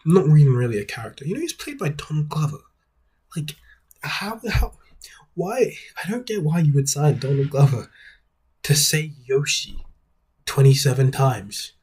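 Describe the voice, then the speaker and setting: A man's voice: mid-range voice, a little mellow, slightly rough. A man hosting a video essay, giving casual critical commentary in a wry, rambling way.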